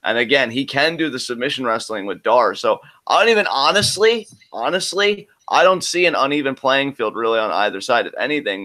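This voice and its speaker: A man in the middle of a live reaction, talking through what he sees in an analytical way and leaning on "I mean" as he builds his case. His voice is bright and carries a middle pitch. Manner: analytical, talks through predictions with many "I mean"s. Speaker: co-host of a wrestling reaction show.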